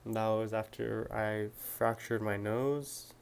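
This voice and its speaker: A man's voice: lowish voice, steady tone, slow pace, gravelly, clear, resonant tone. A young man answering viewer questions to his phone camera, talking hesitantly with lots of fillers and restarts. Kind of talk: casual talk to camera.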